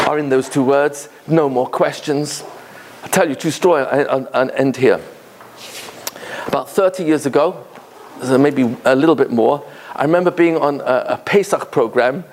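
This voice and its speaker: A man's voice: a little high, a little mellow, slight background noise. A man in his fifties giving an impassioned Torah talk, with emphatic peaks and frequent fillers and restarts. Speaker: Torah speaker. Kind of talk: sermon.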